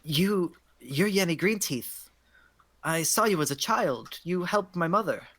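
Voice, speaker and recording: A timid young woman, shaken and unsure, who stumbles over her words in halting starts, as a woman plays her. Her voice sits slightly low and slow. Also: animated, fairly bright tone. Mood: bewildered. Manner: hesitant, halting speech. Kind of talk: tabletop role-play character voice.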